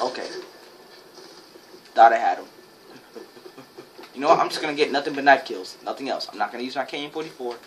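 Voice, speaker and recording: Low-voiced woman calling her game. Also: a little fast, pauses often. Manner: excitable, jokey, sudden high yelps. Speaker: gaming channel host. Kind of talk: live gameplay commentary. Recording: game noise behind.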